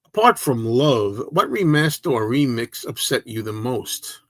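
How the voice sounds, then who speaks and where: Man, casual livestream host, rambling and chatty, dry close sound, middle pitch. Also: very animated, measured pace, no echo. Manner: rambling, self-interrupting, chatty. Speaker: livestream host reading viewer comments.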